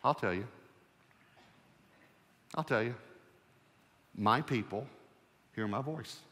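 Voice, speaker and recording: A man voicing God as a calm, gentle speaker who gives simple, firm commands in a slow, hushed tone. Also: mid-range voice, long reverb tail.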